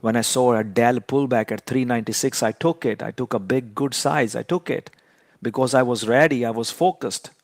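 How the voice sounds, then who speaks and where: A trading educator teaches a lesson in a mid-pitched voice at a moderate pace, lecturing emphatically and repeating points to drive them home. The audio is dry and close, without any room echo.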